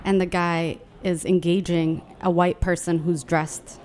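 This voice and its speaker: A woman hosting a podcast, explaining in a lively casual chat with frequent restarts. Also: on the low side, unhurried, a little hiss or hum. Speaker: podcast host.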